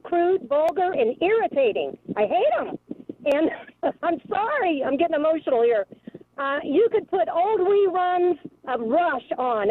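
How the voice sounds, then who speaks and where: An outspoken woman caller with a high voice comes through a thin, tinny phone line. She talks emphatically and doesn't hold back. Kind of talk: phone-in complaint. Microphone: telephone.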